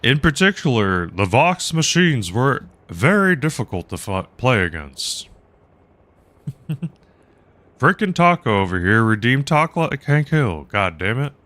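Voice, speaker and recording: A man's voice: mid-range voice, very animated, slow, fairly bright tone. A man live-streaming a game, rambling casually and chatting with viewers between laughs. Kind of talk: casual gaming commentary.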